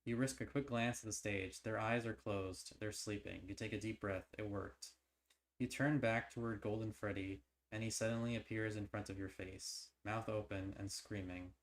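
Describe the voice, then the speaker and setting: A man's voice: fairly low pitch, moderate pace. A man streaming as he reads an interactive horror novel aloud, now and then tripping over words and breaking off to theorize eagerly. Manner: stumbles and restarts while reading, then breaks into excited theorizing. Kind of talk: reading a novel aloud on a livestream.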